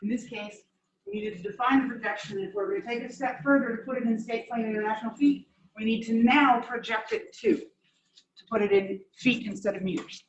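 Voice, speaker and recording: A woman instructor giving a classroom software demonstration, blunt and informal, with quick asides to her students. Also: on the high side, lo-fi sound, a little hiss or hum. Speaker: GIS instructor.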